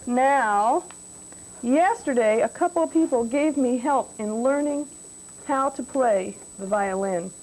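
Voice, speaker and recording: A woman giving a music lesson to young children in a classroom, patient and gentle, asking them questions. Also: high voice, takes it slowly, low-quality recording. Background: banjo playing.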